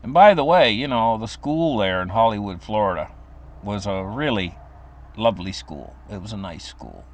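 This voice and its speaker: A man's voice: animated, normal speed. Older man rambling through a childhood memory. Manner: rambling, with fillers and restarts; acts out quoted voices in a high pitch. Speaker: storyteller. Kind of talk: casual personal storytelling.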